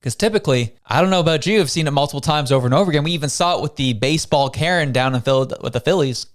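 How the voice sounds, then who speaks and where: Talking very fast in a fairly high-pitched voice, this Canadian man hosts a show of relaxed news commentary. He keeps it conversational and leans heavily on rhetorical questions.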